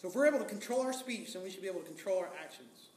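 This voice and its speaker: A man's voice: sits high, animated, very fast, a little mellow, roomy sound, slight background noise. A man preaching a sermon as pastor, talking in a conversational way, asking the congregation rhetorical questions and acting out quotes.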